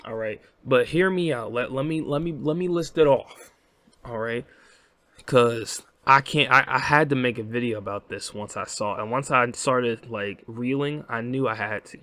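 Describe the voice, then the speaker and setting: A man's voice: mid-range voice, animated, moderate pace, a bit bright, no echo. A young American man hosting a casual commentary vlog, rambling and often checking in with "right?". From United States. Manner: rambling, frequent "right?", swearing. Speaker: host.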